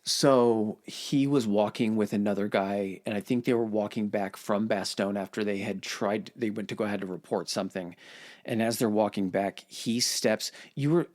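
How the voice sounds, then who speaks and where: A man's voice: fairly low pitch, moderate pace, a little mellow. A man casually retelling war history on a podcast, swearing and acting out quotes in voices. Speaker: podcast host.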